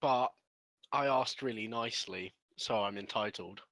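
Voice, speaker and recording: A man's voice: on the low side, measured pace, fairly bright tone, dry recording, poor audio. A man playing in an online tabletop game, giggly and scattered, often losing his train of thought. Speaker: player. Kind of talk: casual chat during an online game.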